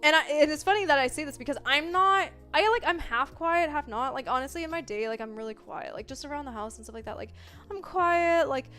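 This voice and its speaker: A young woman chatting casually on a live stream, expressive and full of filler words, jumping between loud bursts and mellow talk. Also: sits high, brisk, faint music behind. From Italian family background.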